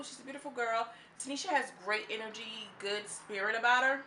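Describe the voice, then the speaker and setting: Slangy animated woman doing a show review vlog, bright sharp voice, echoey room. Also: a little high, brisk, a little hiss or hum. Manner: animated and slangy, acts out quotes in mocking voices. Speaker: reality TV reviewer. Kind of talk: casual commentary vlog.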